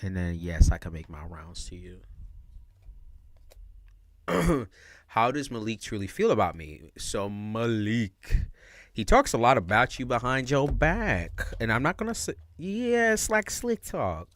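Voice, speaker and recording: A man's voice: fairly low pitch, big pitch swings, unhurried, fairly bright tone, no room sound. A man giving a casual livestream tarot reading, talking in slang, with lots of expression and frequent laughs. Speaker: tarot reader.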